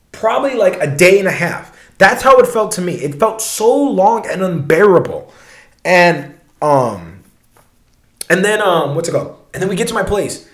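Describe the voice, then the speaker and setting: A young man with a slightly high voice tells a long personal story in a loose, rambling way. He swears a lot and keeps restarting his sentences. The room around him is echoey. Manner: rambling, swearing often, restarts, animated retelling. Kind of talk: casual storytelling.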